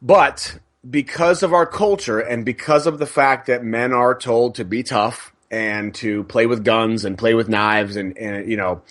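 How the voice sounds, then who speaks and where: A man on a podcast, making his case in an earnest, explanatory way. His voice sits at an ordinary middle pitch, and he backs up his points with numbers. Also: steady tone, a little slow, hardly any pauses, a bit bright. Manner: earnest, explanatory, cites statistics. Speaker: podcast co-host. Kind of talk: casual podcast discussion.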